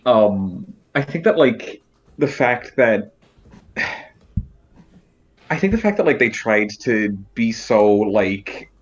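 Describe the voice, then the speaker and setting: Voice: mid-range voice, big pitch swings, takes it slowly, long pauses. A person chatting casually on a group call, hesitant and full of fillers and restarts. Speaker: stream participant. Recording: lo-fi muffled audio.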